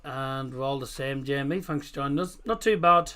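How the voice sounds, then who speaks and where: A man's voice: medium pitch, normal speed, pushed and bright, clear, resonant tone. A man hosting a casual football watchalong stream, rambling through chat messages with lots of fillers.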